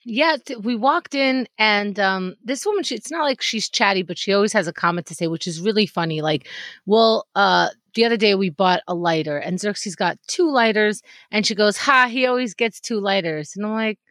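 A woman's voice: medium pitch, normal speed, no room sound. Dry-sounding woman telling a story. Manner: animated anecdote telling. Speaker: podcast co-host. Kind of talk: casual storytelling.

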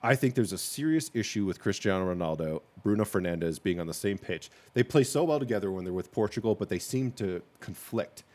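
A man's voice: fairly low pitch, animated, brisk, hardly any pauses, a little mellow. A man co-hosting a casual sports podcast, talking in an opinionated, joking and rambling way.

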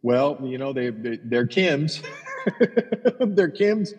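Husky man telling profane rambling stories. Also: mid-range voice, slow pace, big-room sound, rough recording. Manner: profane, rambling anecdotes with repeated restarts. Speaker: golf caddie and podcast co-host. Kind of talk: casual storytelling chat.

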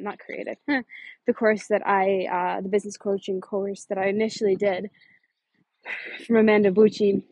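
A woman business coach in a casual motivational monologue, emphatic, swearing freely, with a fast, punchy delivery. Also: a little high, a little mellow, breathy edge, no echo.

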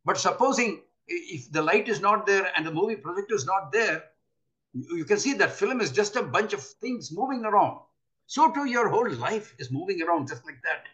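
An older man giving an earnest spiritual talk, often pausing to ask his listeners rhetorical questions. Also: high-pitched, very animated, fairly bright tone, highs cut off. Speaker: spiritual teacher.

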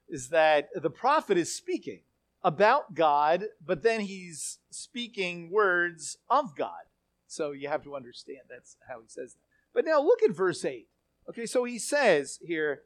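A Bible teacher giving a sermon-style talk, animated and emphatic, with frequent fillers and restarts, reading scripture aloud with dramatic feeling. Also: mid-range voice, measured pace, dry recording.

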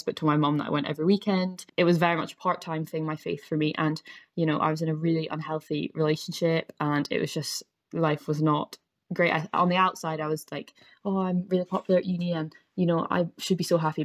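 Young scottish woman on a podcast, lowish voice, chatty, says like a lot. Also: level tone, fast talker. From Scotland. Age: young adult. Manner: chatty, lots of "like" fillers. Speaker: guest. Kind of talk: casual podcast chat.

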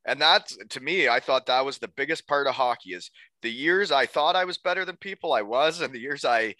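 A man's voice: medium pitch, a little fast, pushed and bright. A man hosting a casual podcast, laughing often and mimicking people as he tells stories. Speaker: podcast host. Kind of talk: casual chat.

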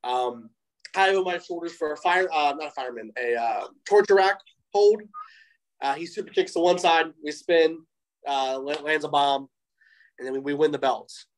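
A young man tells a story in a casual interview, full of fillers and restarts. He acts out the voices of the people involved and lets his pitch leap when he does. His delivery stays loose and chatty. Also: moderate pace, poor audio. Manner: animated, acts out quoted voices, frequent fillers. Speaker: interview guest, pro wrestler.

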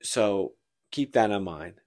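Low-voiced man rambling through a story. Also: lively intonation, slow pace, darkish tone, dry recording, studio quality. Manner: rambling storyteller, acts out the characters' lines. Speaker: podcast co-host. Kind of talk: casual chat, retelling a book plot.

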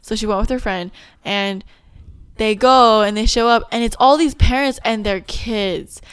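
Casting: young woman podcast co-host, resonant clear voice, chatty and rambling. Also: on the high side, a little slow. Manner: chatty, rambling with many fillers. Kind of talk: casual chat.

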